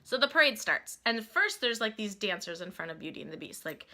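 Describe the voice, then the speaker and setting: A woman vlogger casually telling a family trip story, gushing and animated, saying "like" constantly. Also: mid-range voice, brisk. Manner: animated and gushing, heavy use of "like".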